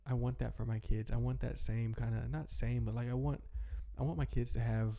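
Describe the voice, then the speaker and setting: A man's voice: mid-range voice, fairly even intonation, a little fast, gravelly, mellow. A young man talking in a rambling, heartfelt way, chatting casually as a podcast host. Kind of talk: casual reflective chat.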